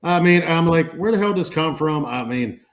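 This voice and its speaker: A man's voice: a little high, lively intonation, fairly quick, a crowd in the background. A man, a veteran guest, telling work stories in a salty, swearing way during casual chat.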